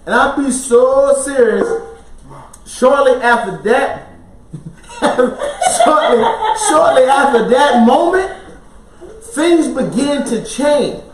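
A man's voice: extremely high pitch, animated, slow pace, background noise. A man co-hosting a podcast, telling a personal story in casual chat, acting out quotes and laughing often. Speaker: podcast co-host. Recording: roomy sound, mic at a distance.

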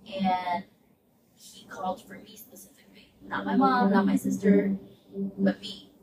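A woman tells a personal story in a casual, animated way and jumps into the voices of the people she quotes. She sounds a little distant and roomy, and heavy vehicle noise runs under everything she says. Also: medium pitch, measured pace. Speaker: podcast host.

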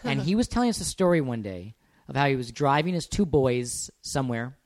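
A man's voice: medium pitch, very animated, fairly quick, a little mellow, no echo. A man co-hosting a podcast in casual chat, self-deprecating and playful, laughing often. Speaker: podcast co-host.

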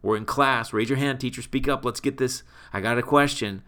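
A man leading his sales team in an energetic, emphatic motivational talk. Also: medium pitch, a little fast. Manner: energetic, emphatic, repeats for punch. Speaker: team leader and sales trainer.

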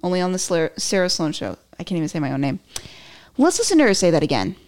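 A woman's voice: lowish voice, very animated, quick pace, a little mellow. A woman hosting her own podcast, chatting through political commentary in a rambling, self-mocking way with joking asides. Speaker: podcast host.

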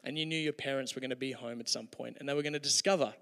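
A man's voice: medium pitch, fairly even intonation, very fast, vocal fry, pushed and bright. Man preaching in an echoing hall. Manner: conversational, humorous, with hesitations. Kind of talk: sermon with storytelling.

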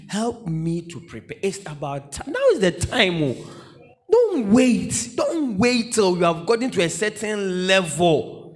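High-voiced preacher. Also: male voice. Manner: animated, repetitive, bursts into shouts and laughter. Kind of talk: humorous sermon.

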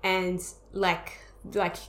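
A woman's voice: on the low side, monotone, very slow, fairly bright tone. A young adult woman co-hosting a podcast, speaking in a reflective, supportive way in casual chat, with frequent "um" and "like". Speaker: podcast co-host. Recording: roomy echo.

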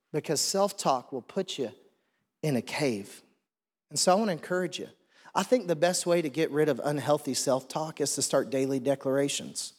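A man preaching a sermon into a stage microphone, fervent and building to loud declarations. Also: on the high side. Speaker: pastor. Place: large church hall. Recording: long hall reverb, faint music.

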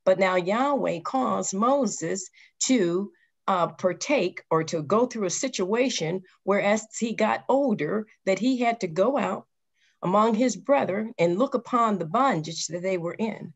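A woman's voice: mid-range voice, animated, measured pace, creaky. Woman, Bible class teacher, earnest, self-correcting, repeats herself.

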